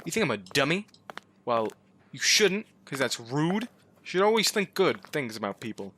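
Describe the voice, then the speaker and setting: A man's voice: fairly high pitch, sing-song, moderate pace, sharp tone, a little hiss or hum. A man giving comic let's-play commentary, pleading with his car and joking, breaking into yelps and swearing. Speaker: gaming YouTuber.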